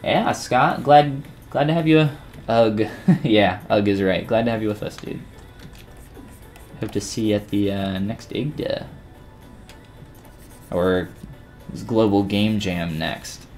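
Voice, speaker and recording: A man casually chatting with viewers while he demonstrates 3D sculpting in a live-stream tutorial, relaxed and rambling with frequent restarts. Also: fairly low pitch, slow pace, long pauses, faint music behind.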